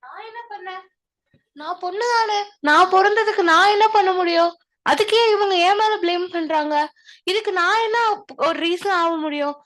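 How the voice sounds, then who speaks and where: A young woman performs a wronged girl who will not stay silent, voice very high and sharp. She hurls her questions in a fast, tearful torrent, crying and shouting them again and again. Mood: anguished. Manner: crying, shouting accusations over and over. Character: young woman harassed and blamed, anguished and defiant. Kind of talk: stage performance in Tamil.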